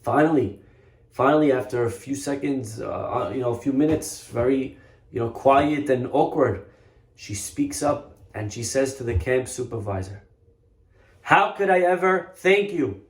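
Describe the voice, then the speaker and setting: A man's voice: medium pitch, moderate pace, darkish tone. A man, a rabbi, giving a storytelling sermon in an earnest way, stressing points by repeating himself. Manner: earnest storytelling with emphatic repetition. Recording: roomy echo.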